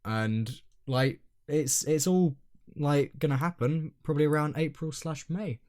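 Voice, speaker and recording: A young man co-hosting a casual podcast, talking in a rambling, hesitant way that often trails off quietly. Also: a little high, a little slow. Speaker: podcast co-host. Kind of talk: casual chat.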